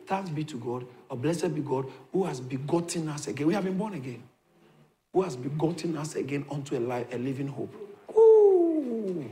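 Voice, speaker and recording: A man's voice: medium pitch, a little mellow. A man preaching a sermon to a congregation, often repeating phrases and asking the listeners whether they follow him. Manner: rhetorical questions to the congregation, repeats phrases for emphasis.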